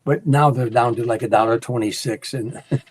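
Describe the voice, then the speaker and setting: Older guy comedian, husky voice, spins anecdotes and plays out the dialogue. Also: medium pitch, fairly even intonation, fairly quick. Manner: storyteller who acts out quoted lines. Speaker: guest comedian. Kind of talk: casual anecdote telling.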